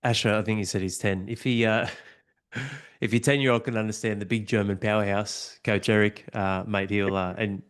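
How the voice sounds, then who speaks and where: A man's voice: on the low side, fairly even intonation, normal speed, clear, resonant tone. A man, hosting a podcast interview and encouraging his guest with enthusiasm. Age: 40s. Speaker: podcast host. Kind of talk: conversational interview.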